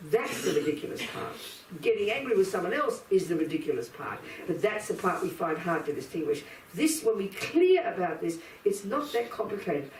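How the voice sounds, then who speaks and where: A woman giving a Buddhist dharma teaching in an emphatic, animated way, acting out inner voices as she explains. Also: medium pitch, a little hiss or hum. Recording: echoey room, speaker far from mic, faint ambience.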